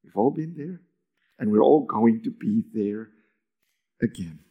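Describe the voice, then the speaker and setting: A man preaching a sermon as pastor, moving between emphatic lines and hushed near-whispers, with raised, lively pitch when acting out quoted lines. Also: unhurried, narrow, tinny audio.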